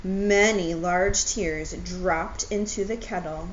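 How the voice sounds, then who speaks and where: A woman's voice: medium pitch, steady tone, slow pace, few pauses. A woman teacher reading a picture book aloud to children in a friendly way, stopping to explain words. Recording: dull lo-fi audio with faint noise.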